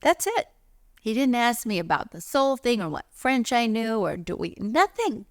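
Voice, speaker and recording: Middle aged woman telling her life story, kinda gravelly voice, does all the voices, dry close mic. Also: a little high, moderate pace, no room sound. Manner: animated storyteller, acts out voices in quotes. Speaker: spiritual teacher and author. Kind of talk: personal storytelling monologue.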